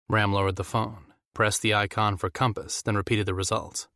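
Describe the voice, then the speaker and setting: A man narrating a fantasy audiobook in a steady, measured way. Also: lowish voice, no echo, studio quality. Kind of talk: scripted narration.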